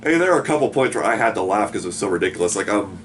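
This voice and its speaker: A man's voice: on the low side, animated, very fast, a little hiss or hum. A man co-hosting a casual chat, easygoing and filling his talk with "like". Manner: easygoing, many fillers, laughs along. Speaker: co-host.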